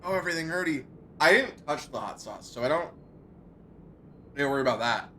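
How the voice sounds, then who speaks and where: A man's voice: medium pitch, expressive, moderate pace, bright, forceful tone, a little hiss or hum. A male streamer in pain from hot sauce, groaning, yelping and repeating himself with watering eyes. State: eyes watering, mouth burning. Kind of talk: live game stream chat.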